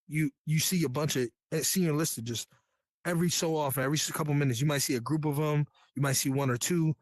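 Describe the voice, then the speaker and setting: A New York man, a Navy veteran appearing as a guest, tells his story in a medium-pitched voice with no echo. His casual storytelling is candid, earnest, and full of slang.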